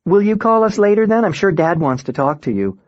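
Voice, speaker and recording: A man's voice: high-pitched, expressive, fairly quick, lo-fi sound, pitched above the performer's own voice. A man voicing a chatty middle-aged mother talking on the phone, in a light, chattering way. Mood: eager.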